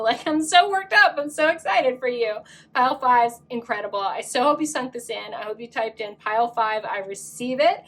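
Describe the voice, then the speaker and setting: A woman giving a pick-a-card tarot reading in an effusive, excitable way, full of gushing exclamations. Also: on the high side. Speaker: tarot reader.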